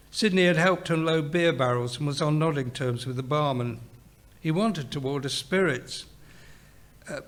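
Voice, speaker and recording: Male author reading his short story aloud, measured and even, a bit high-pitched for a man. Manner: steady, measured narration.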